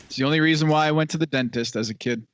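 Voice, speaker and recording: Male co-host from Connecticut, deadpan, dull line. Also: fairly high pitch, very fast, smooth. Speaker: podcast co-host. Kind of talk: casual group chat.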